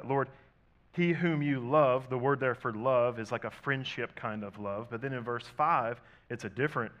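Preaching in a conversational style, this medium-pitched male pastor leans on rhetorical questions. His delivery shifts dramatically from loud passages to soft ones.

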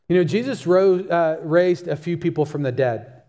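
A man's voice: on the high side, moderate pace, mellow. Emphatic male preacher in a reverberant hall. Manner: emphatic, repeats key phrases for stress. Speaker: pastor. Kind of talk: sermon.

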